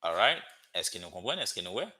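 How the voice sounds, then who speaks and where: A man teaching a language lesson, drilling phrases slowly with many "okay?" check-ins. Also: low-pitched, sing-song, bright, forceful tone. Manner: slow, repetitive drilling with frequent "okay?" checks. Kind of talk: classroom-style language lesson.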